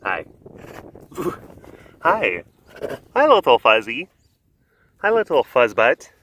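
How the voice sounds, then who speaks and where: A man hosting a casual vlog outdoors at an animal compound, rambling playfully with lots of fillers and cooing softly at the animals. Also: mid-range voice, wildly swooping pitch, drawn-out words. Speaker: host.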